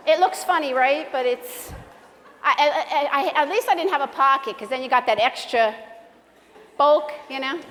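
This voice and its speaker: High-voiced woman speaking in a reverberant church. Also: a bit bright. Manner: chatty and self-deprecating, joking with the audience. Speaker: speaker at a church ladies' meeting. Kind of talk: casual devotional talk. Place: church sanctuary. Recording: long reverb of a large hall.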